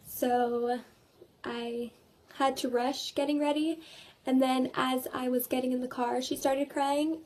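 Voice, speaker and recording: A woman's voice: sits high, little pitch movement, a little slow, a little mellow. A teenage girl chatting in a casual video diary, retelling her day with quoted voices and laughs. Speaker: vlogger.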